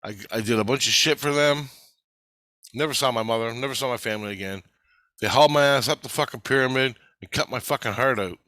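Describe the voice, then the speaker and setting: Man, blunt, swears constantly, rambling monologue, bright tense tone, dry close sound. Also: mid-range voice, fast, no room sound. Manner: blunt, heavily profane, rambling with restarts. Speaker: channel host. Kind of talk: casual spoken monologue.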